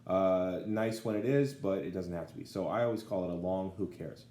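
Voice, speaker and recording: With a low, warm voice at normal speed, this man teaches Latin in a relaxed video lesson, pausing often to check in with his class. Faint background noise and echo fill the room.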